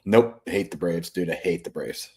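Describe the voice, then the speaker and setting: A man's voice: low voice, normal speed, dark tone, breathy edge. A man co-hosting a casual sports betting podcast over a video call, sarcastic and swearing as he ribs his partner. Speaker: podcast co-host.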